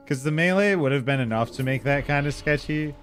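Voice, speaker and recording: A young man chatting casually with viewers while he streams a game, relaxed, laughing often and swearing freely. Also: fairly high pitch, fairly quick, soft background music. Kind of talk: casual live-stream chat while gaming.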